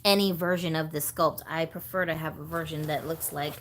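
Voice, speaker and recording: A woman's voice: low voice, fairly even intonation, fairly quick. A woman hosting a casual doll-collector livestream, chatting in a rambling, easygoing way and reading viewer comments aloud.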